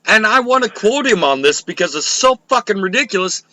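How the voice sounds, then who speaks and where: A man's voice: sits high, animated, a little fast, pushed and bright, low-quality recording. A man hosting a live show, ranting with heat and sarcasm and plenty of swearing. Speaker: show host. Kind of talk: profane live political rant.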